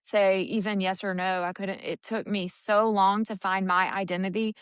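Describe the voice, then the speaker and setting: A woman's voice: mid-range voice, level tone, normal speed, smooth, dry recording. A woman co-hosting a recovery podcast, telling her own story openly and earnestly in casual chat. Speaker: podcast co-host.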